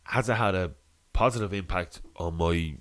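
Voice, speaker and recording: A man's voice: deep voice, normal speed, no echo. A man co-hosting a podcast in casual chat, laughing as he talks and restarting his sentences. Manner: laughs while talking, trails off and restarts. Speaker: podcast co-host.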